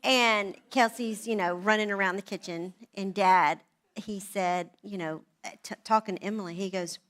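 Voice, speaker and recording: Middle-aged woman, church event speaker, bright crisp tone, lively wry storyteller. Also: medium pitch, moderate pace. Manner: animated, self-deprecating, wry humor. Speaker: guest speaker at a church moms' night. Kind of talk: storytelling talk to a live audience.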